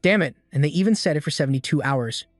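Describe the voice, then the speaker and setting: A man's voice: on the high side, expressive, fast, no echo, clean studio sound, soft background music, natural voice. A man voicing a hot-tempered young male gamer who keeps cursing, read in a plain recap voice. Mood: frustrated. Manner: frustrated muttering.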